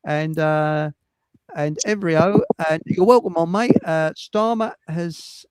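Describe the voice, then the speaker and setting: A man's voice: on the high side, takes it slowly, smooth, dry recording, low-quality recording. A man hosting a livestream chat show, rambling and cheeky, swearing and laughing at his own jokes. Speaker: livestream host. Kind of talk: casual chat.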